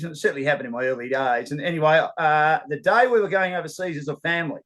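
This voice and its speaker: A middle-aged Australian sports broadcaster, telling rambling, animated anecdotes in a casual interview. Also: male voice, a little high, quick pace, few pauses, poor audio.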